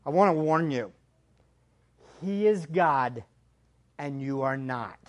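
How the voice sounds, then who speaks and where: Pastor, male, high voice, slow deliberate sermon delivery with big dynamic swings. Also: animated. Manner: preaching with sweeping swings between quiet and loud.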